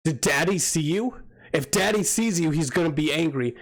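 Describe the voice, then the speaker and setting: A man's voice: a little high, animated, moderate pace, pitched above the performer's own voice. A man doing a frightened captive young wife. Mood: anxious. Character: stranded young woman in a cell, fretful.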